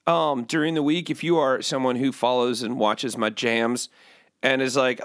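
A man's voice: mid-range voice, moderate pace, a bit bright. A man from Chicago, hosting a rambling, casual monologue. He keeps joking, interrupting himself and trailing off. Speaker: host.

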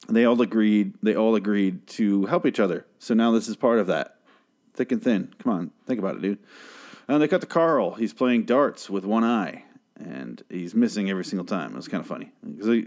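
A man's voice: fairly low pitch, expressive, fairly quick, darkish tone. A man hosting a casual solo TV review, rambling, sarcastic and full of swearing. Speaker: show review host.

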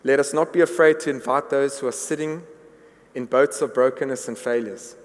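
A man's voice: mid-range voice, fairly even intonation, moderate pace. Earnest male preacher in an echoing hall. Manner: earnest, repeats words when building a point. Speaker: pastor. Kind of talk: sermon. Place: church hall. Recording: long reverb of a large hall.

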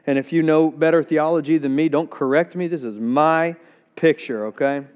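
A male pastor preaching a sermon with energy, repeating words as he gets excited. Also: a little high, moderate pace, phone-quality sound.

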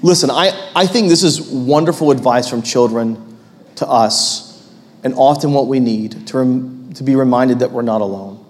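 A man in his thirties preaching a sermon as pastor, animated and rising to loud, emphatic peaks. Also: mid-range voice, normal speed, big-room sound.

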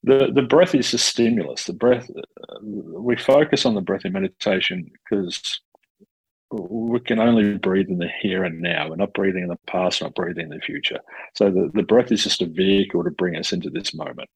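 A man hosting a casual conversation, animated and quick to act out dialogue, often restarting his sentences. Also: sits low, no room sound, rough recording. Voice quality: gravelly, husky. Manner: animated, self-interrupting, acts out quoted dialogue, swears casually.

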